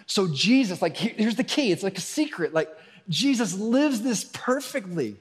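A male pastor delivers a sermon in a casual, conversational way, dropping to quiet asides and then lifting his voice for emphasis. His voice sits a little high for a man. The sound carries a long reverb from a big church hall. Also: sing-song, normal speed. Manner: conversational preaching, shifts between soft asides and raised emphasis.

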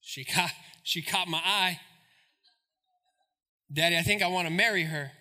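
A man's voice: high-pitched, unhurried, sharp tone, big-room sound, voice pushed down, heavily acted. A preacher voicing an impulsive young man who insists his parents get him a bride, in a whiny, insistent tone. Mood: pleading.

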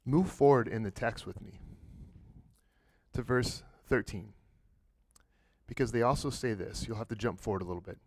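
A man's voice: mid-range voice, moderate pace, pauses often. A man preaching a sermon in a church, earnest and direct, often restarting and repeating words as he builds a point. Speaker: pastor.

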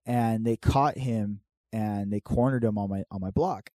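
A man's voice: fairly low pitch, measured pace, no echo, clean studio sound. A man in casual chat, telling neighborhood stories with lots of swearing and acted-out quotes. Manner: profane, animated storyteller acting out quoted voices.

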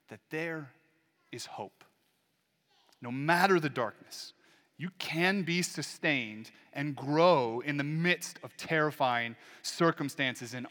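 A man preaching a Sunday sermon as a pastor, earnest, with dramatic pauses and sudden swings between loud and soft. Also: on the high side, big-room sound.

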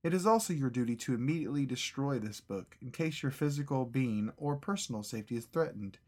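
Brief: stern Soviet official with a hammy mock Russian accent, slow and loud, as a podcast host puts it on. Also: male voice, medium pitch, animated, natural voice. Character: stern male Soviet agency official reading orders.

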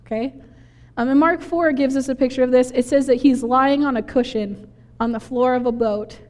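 A woman preaching a sermon, telling the story in an animated, conversational way. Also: high voice, moderate pace. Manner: animated storytelling, acting out quoted voices with laughs. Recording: long hall reverb.

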